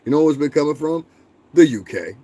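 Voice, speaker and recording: A man's voice: on the high side, quick pace, slightly rough. A man hosting a livestream, ranting bluntly and profanely and answering his chat. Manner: profane, blunt, animated, talks back to chat. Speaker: livestream host.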